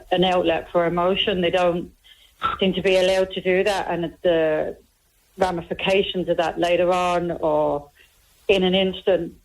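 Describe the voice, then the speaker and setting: A woman's voice: lowish voice, rough recording. Hesitant woman radio caller. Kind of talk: phone-in caller.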